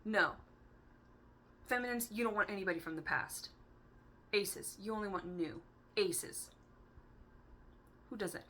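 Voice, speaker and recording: A woman's voice: mid-range voice, a little slow, pauses often, bright, forceful tone, a little hiss or hum. A woman doing a casual tarot reading for her channel, chatty and playful, laughing often as she rambles from one idea to the next. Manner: rambling, free-associating. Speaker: tarot reader.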